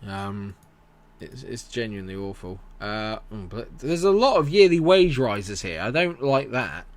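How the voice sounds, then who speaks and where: A man's voice: lowish voice, very animated, unhurried. Chatty man streaming a game. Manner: chatty, rambling, reads chat aloud and answers it. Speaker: gaming streamer. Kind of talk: casual live-stream commentary.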